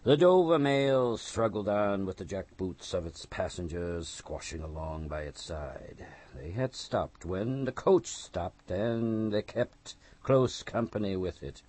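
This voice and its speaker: A man narrating a classic novel as an audiobook, reading in an expressive, dramatic way. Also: low voice, slow. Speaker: audiobook reader. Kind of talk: scripted narration.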